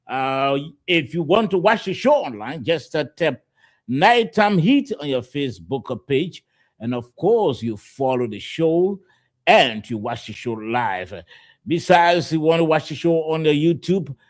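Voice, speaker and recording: Liberian man hosting a radio talk show. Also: a little high. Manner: loose, filler-heavy delivery with many uhs and repeated words. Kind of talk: live radio show opening. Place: radio studio.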